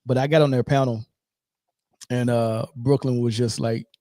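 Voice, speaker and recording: A man hosting a sports podcast, chatting casually and rambling through shout-outs with lots of fillers. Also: mid-range voice, fairly even intonation, normal speed, dry recording, studio quality. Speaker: podcast host.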